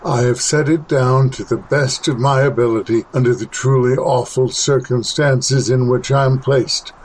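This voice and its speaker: A man's voice: mid-range voice, fairly even intonation, a little mellow. Man narrating a horror story. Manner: measured, dramatic reading. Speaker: podcast host and reader.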